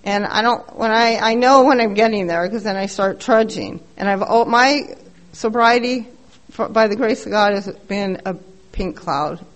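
A woman's voice: medium pitch, moderate pace. A middle-aged woman giving a candid, profane recovery share at a meeting, telling her story bluntly and with self-mockery.

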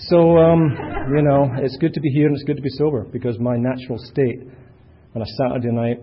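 A man's voice: mid-range voice, steady tone, fairly quick, slight background noise. A middle-aged man with a Scottish accent giving a personal testimony at a recovery meeting, chatty and self-deprecating with many fillers. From Scotland. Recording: dull lo-fi recording.

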